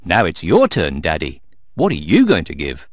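A man's voice: deep voice, huge pitch swings, moderate pace, no room sound, clean studio sound, voice pushed down, heavily acted. A man voicing a cheerful little girl pig from a storybook, in a chirpy, sometimes cheeky way. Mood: curious.

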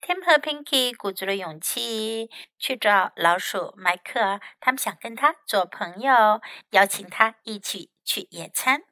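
A woman English teacher reading a storybook aloud slowly and clearly, switching between two languages, on a close microphone. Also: a little high, lively intonation, bright, forceful tone, no room sound. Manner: slow, clear, careful reading.

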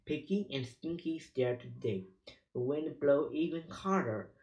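A reader slowly reading a children's chapter book aloud, stumbling over words now and then. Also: mid-range voice, lively intonation, darkish tone, lo-fi sound. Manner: slow, halting reading with slips.

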